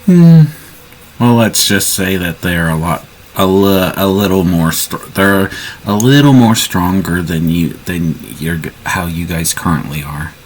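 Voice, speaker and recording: A man's voice: deep voice, a little slow, slight background noise, poor audio. A man improvising his part in a casual role-play, hesitant and full of restarts. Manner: hesitant, many restarts and fillers.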